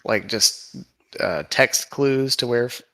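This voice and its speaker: A man in casual chat about a game, telling what happened in a relaxed way with wry asides. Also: medium pitch, takes it slowly, no room sound. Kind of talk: casual chat reviewing gameplay.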